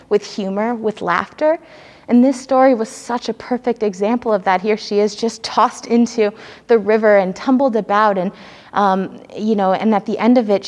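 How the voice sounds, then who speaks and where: A woman's voice: medium pitch, darkish tone. A woman telling a story during a spiritual talk, earnest and searching for words as she speaks. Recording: long hall reverb.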